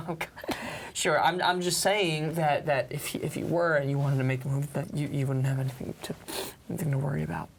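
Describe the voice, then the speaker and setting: A man's voice: a little high, level tone, fairly quick, creaky. A man in a scripted comedy sketch who stammers and restarts, flustered and awkward. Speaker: comedy show cast member.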